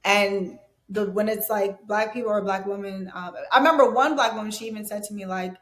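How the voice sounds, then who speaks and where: A woman's voice: mid-range voice, fairly even intonation, brisk, roomy sound. A woman, a yoga instructor, talking as a podcast guest in a thoughtful way, often restarting her sentences. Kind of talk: casual conversation.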